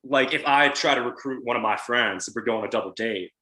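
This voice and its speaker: A man's voice: medium pitch, quick pace, sharp tone, low-quality recording. A young man joking in casual podcast chat, blunt and dry, filling his talk with "you know.". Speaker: podcast guest.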